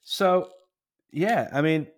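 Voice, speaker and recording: A man's voice: a little high, slow pace, dry recording. A man co-hosting a podcast in easygoing casual chat. He mostly chimes in with short agreeing remarks. Now and then he steers the talk along. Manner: relaxed, brief agreeing interjections. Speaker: podcast co-host.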